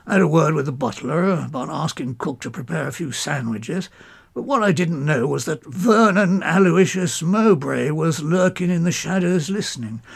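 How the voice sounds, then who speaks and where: A man's voice: on the high side, vocal fry, breathy edge. A man telling a first-person story in a clipped, old-fashioned, genial manner.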